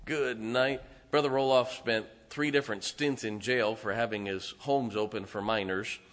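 A man, preaching emphatically as a pastor and now and then singing slowly. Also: fairly low pitch, fairly even intonation, fairly bright tone. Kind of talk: sermon. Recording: reverberant church hall.

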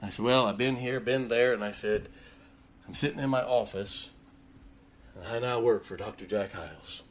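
A man preaching, telling a personal story with emotion and dropping his voice low in tender moments. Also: normal speed. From Ohio. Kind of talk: sermon storytelling.

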